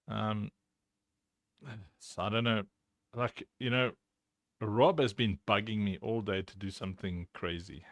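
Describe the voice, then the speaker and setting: A man's voice: on the low side, steady tone, a little slow, pauses often, a bit bright, no echo, clean studio sound. A man hosting a livestream, chatting casually in a rambling, joking way with lots of fillers. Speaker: livestream host.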